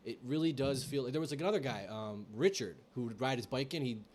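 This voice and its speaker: Young man, podcast co-host, casual storytelling, swears a lot, medium pitch. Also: fairly quick, a little mellow, slight background noise. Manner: profane, rambling anecdotes.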